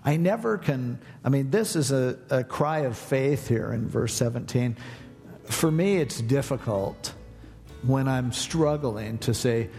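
A man's voice: mid-range voice, expressive, measured pace, creaky, darkish tone, faint music behind. A man, a pastor, teaching a Bible passage in a casual, conversational way and voicing its lines as plain questions. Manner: paraphrases scripture in a casual, questioning voice. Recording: long hall reverb.

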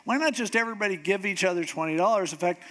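A man's voice: high-pitched, racing. A middle-aged man preaching a humorous sermon, telling stories and acting out the voices of the people he quotes. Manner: animated storytelling, acts out quoted voices. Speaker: pastor.

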